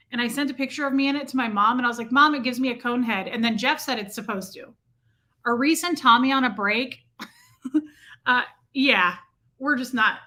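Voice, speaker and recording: Woman streamer, rambling chatty storyteller, bright slightly high voice. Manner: chatty, rambling, reads and answers chat. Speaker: livestream host. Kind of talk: casual livestream chat.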